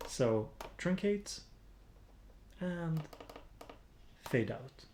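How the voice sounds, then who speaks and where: A man's voice: on the high side, very animated, extremely slow, darkish tone, roomy sound. A man with a Swedish accent chatting casually on a music-production live stream, rambling with lots of fillers and restarts while he edits samples. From Sweden.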